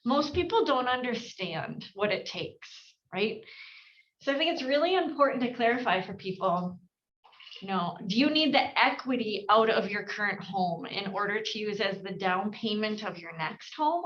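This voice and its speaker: A woman coaching real estate agents in an energetic team training talk, switching her inflection to act out client dialogue. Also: medium pitch, moderate pace, highs cut off.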